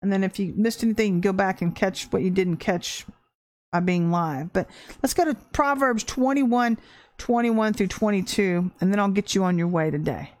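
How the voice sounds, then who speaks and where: A woman preaching an informal livestream sermon, earnest and animated, repeating phrases for emphasis. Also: medium pitch, normal speed. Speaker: preacher hosting a livestream devotional.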